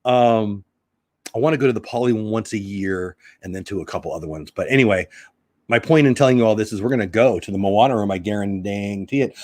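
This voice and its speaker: A man's voice: fairly low pitch, brisk, a little mellow, no echo. A man hosting a casual live stream, chatting and joking, reading out headlines and greeting viewers in the chat. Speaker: host of a live news stream.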